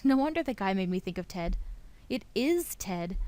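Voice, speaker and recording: A young woman hosting a let's play, reading a visual novel's narration aloud in a playful, expressive way. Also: mid-range voice, normal speed.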